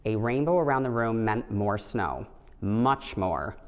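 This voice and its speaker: A man with a fairly low voice reads a children's picture book aloud, gentle and unhurried. His voice carries a long reverb, like a big hall. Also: dull audio. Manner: gentle, steady storytelling with light voices for the animals. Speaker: storybook reader.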